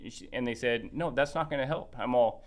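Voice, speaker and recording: A man, a guest on a podcast, telling a story in casual chat. He talks in an animated way, acts out the dialogue of other people and restarts his sentences a lot. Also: mid-range voice, fairly quick. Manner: many restarts and fillers.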